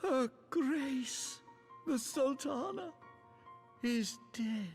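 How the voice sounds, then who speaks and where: An actress voicing a horrified courtier in a video game, breathless and alarmed. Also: female voice, sits high, lively intonation, drawn-out words, a little mellow, breathy edge, full character voice. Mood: shocked. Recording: game music behind.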